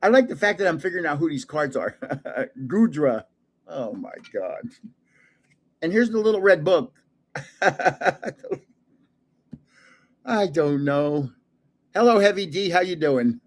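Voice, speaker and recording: Chatty older man with a lively voice. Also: fairly high pitch, slow pace, long pauses. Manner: chatty, chuckling, greets viewers. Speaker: card-collecting livestream host. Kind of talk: casual livestream chat while opening cards.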